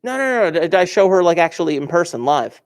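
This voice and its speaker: Lively, joking male teacher. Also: a little high, fast talker. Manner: playful, teasing, chuckles often. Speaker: high school algebra teacher. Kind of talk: livestreamed class, joking banter. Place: classroom at his desk.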